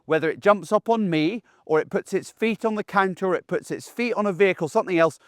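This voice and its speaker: A man's voice: high voice, quick pace, a bit bright, dry recording, clean studio sound. A middle-aged man, a dog trainer, giving an instructional talk to camera in an assertive, down-to-earth way, often checking in with "okay?". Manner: plain-spoken, assertive, down-to-earth.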